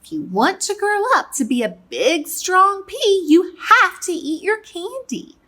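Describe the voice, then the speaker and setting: A woman's voice: very high-pitched, sing-song, measured pace, sharp tone, pitched above the performer's own voice, full character voice. A woman voicing a firm, fatherly pea dad in a storybook read-aloud. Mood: coaxing.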